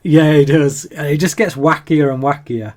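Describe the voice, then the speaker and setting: A man's voice: on the high side, moderate pace. Chatty man laughing through a review. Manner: chatty, laughs often, restarts sentences. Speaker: podcast co-host. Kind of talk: casual episode review.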